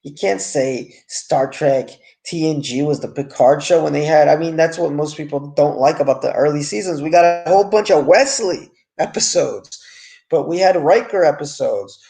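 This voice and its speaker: A man with a somewhat high, gravelly voice talks through a TV episode review. His talk is loose and opinionated, full of asides and frank remarks. The delivery is casual and animated. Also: normal speed. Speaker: TV series reviewer.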